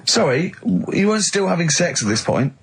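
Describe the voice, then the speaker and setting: A man co-hosting a radio chat show, with a husky, slightly raspy voice. His pitch is fairly high and jumps around a lot as he teases and eggs the storyteller on. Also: big pitch swings, fairly quick, poor audio. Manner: teasing, prompting the storyteller. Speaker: radio co-host. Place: radio studio.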